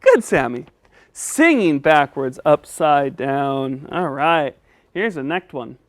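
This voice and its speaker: A man's voice: fairly high pitch, big pitch swings, slow pace, no echo. A man hosting a children's speech lesson, patiently coaching a puppet. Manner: patient and encouraging. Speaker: host.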